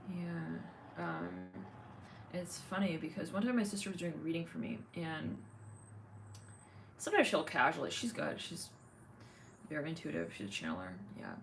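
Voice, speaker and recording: A woman's voice: deep voice, expressive, normal speed, creaky, long pauses, slight background noise. A woman hosting a casual livestream, chatting in a rambling way with many fillers, thanking viewers. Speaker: livestream host.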